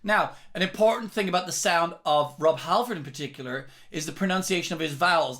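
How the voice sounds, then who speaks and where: A singing teacher, his speaking voice bright and fairly high for a man. He explains vocal technique carefully, step by step, with faint music behind him. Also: fairly quick. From England. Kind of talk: vocal lesson.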